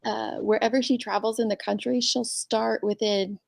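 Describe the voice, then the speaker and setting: Host, woman, middle-aged, gravelly, fairly high voice, dry close sound. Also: normal speed. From Central Illinois. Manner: laughing, chatty, animated. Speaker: channel host. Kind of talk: casual group chat.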